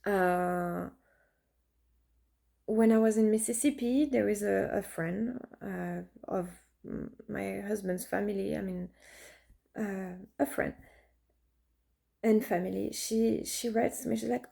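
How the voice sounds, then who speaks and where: Woman, thirties, heavy vocal fry, warm dark tone, rambling chatty storytelling. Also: medium pitch, slow pace, pauses often. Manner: chatty, full of fillers and restarts. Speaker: artist and vlogger. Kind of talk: casual storytelling monologue.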